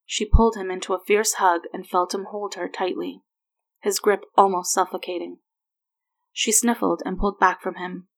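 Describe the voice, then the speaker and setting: A woman's voice: medium pitch, fairly even intonation, normal speed, creaky, low-quality recording. Woman reading a story aloud. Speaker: reader. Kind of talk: reading fan fiction aloud.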